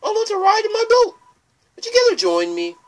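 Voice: very high-pitched, huge pitch swings, a little fast, darkish tone, far from the mic, voice pushed up, full character voice. A let's player voicing a cloaked river boat rower from a video game in a lilting, airy tone. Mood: whimsical. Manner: lilting, airy, sings tra-la-la.

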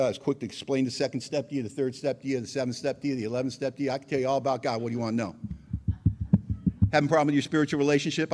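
A man with a medium-pitched, darkish voice gives a personal testimony at a recovery meeting. He tells his own story conversationally, with frequent asides.

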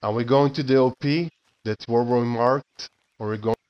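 A man's voice: medium pitch, steady tone, normal speed, clear, resonant tone, lo-fi sound. Man calling out contacts in-game. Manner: calls out warnings and asks questions. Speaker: squad member. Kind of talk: military game voice comms.

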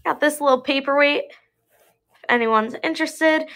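A young woman in her twenties runs a live online sale in a relaxed, chatty way. Her voice sits a little high, and she pokes fun at her own mix-ups as she goes. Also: a little slow. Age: 20s. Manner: chatty and self-deprecating, laughs at own slips. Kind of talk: casual live-sale chat.

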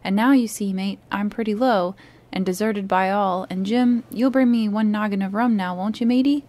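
Here is a weak, begging old sea captain from a storybook, voiced by a woman reading aloud. His lines come feeble and wheedling, a touch raised in pitch and volume. It stays close to a gentle bedtime reading voice. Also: steady tone, moderate pace, natural voice. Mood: pleading.

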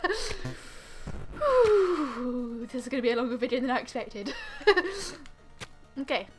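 A woman's voice: fairly high pitch, fairly even intonation, fairly quick, soft background music. An English woman giving rambling let's play commentary, swearing, laughing and making random noises. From England. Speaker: gaming channel host.

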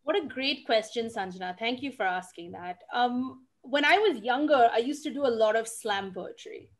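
A woman answering audience questions in an online session, expressive and emphatic, stressing words to make her point. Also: a little high, normal speed. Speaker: featured dancer and speaker. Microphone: video call.

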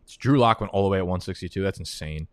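Young male streamer, casual trash talk, lowish voice, dry close sound. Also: quick pace, clean tone, dry recording. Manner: profane, trash-talking, joking. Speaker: fantasy football analyst. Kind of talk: casual live-stream commentary.

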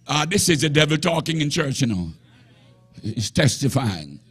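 Breathy, emphatic male preacher. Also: on the high side, big pitch swings, moderate pace. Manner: emphatic, rising to shouts with bursts of laughter. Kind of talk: sermon.

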